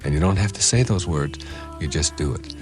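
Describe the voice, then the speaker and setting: Deep-voiced man giving a measured motivational lecture. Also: animated, over music. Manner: measured, emphatic, repeats for stress. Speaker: spiritual teacher.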